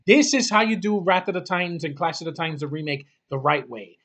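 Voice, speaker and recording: A man's voice: on the high side, a little fast, fairly bright tone. Ranting man, blunt and exasperated. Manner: exasperated, blunt, repeats "freaking" and swears; rambling with restarts. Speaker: movie reviewer. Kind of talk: casual movie rant.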